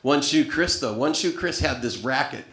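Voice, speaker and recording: A man's voice: mid-range voice, animated, moderate pace, fairly bright tone. A man doing wry, profane stand-up comedy storytelling on a club stage into a handheld mic. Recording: echoey live club room.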